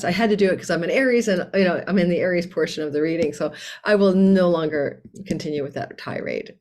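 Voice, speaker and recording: Chatty woman astrologer, lowish voice. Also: a little fast. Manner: chatty, expressive, candid, laughs often. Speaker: astrologer and channel host. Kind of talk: casual astrology forecast monologue. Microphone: desk mic under a tablecloth.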